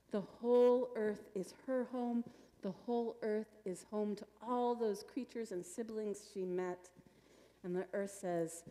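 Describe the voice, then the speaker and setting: A woman telling a children's story to a congregation at a church service, animated and playful. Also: mid-range voice, unhurried. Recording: long reverb of a church hall.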